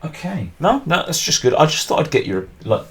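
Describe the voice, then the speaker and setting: A man's voice: on the high side, sing-song, a little fast, vocal fry, fairly bright tone. A man hosting a podcast, chatting casually and rambling with lots of restarts and fillers. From England. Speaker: podcast host.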